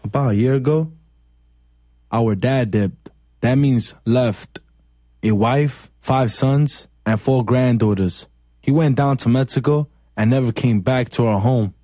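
A young man narrating his own story in a quiet, plain, reflective way. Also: mid-range voice, measured pace, no room sound, clean studio sound. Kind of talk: scripted documentary narration.

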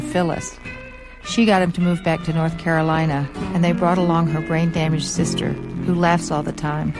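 A woman's voice: low-pitched, rough recording. A middle-aged woman narrating a documentary story in a plain, matter-of-fact way. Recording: loud guitar music behind.

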